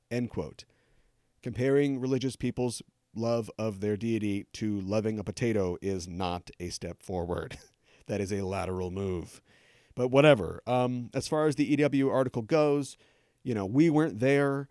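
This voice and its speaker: A man's voice: lowish voice, moderate pace, darkish tone, no room sound. A man hosting a podcast, delivering scripted news commentary with sarcastic, joking asides into a close studio mic. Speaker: podcast host.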